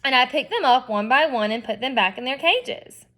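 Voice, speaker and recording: Lady reading a kids book out loud, expressive, kinda high voice, chats to listeners between bits. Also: normal speed. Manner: expressive, chatty asides to listeners. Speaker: reader. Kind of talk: reading a children's novel aloud.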